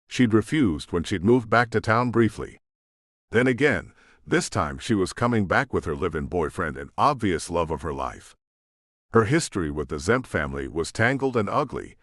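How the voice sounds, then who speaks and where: Low-voiced male audiobook narrator, dry. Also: a bit bright, dry recording. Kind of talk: scripted narration.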